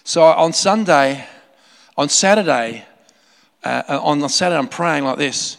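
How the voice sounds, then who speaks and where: A man preaching a sermon, telling a story in an animated way with laughing asides and many restarts. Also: on the high side, unhurried, gravelly. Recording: long hall reverb.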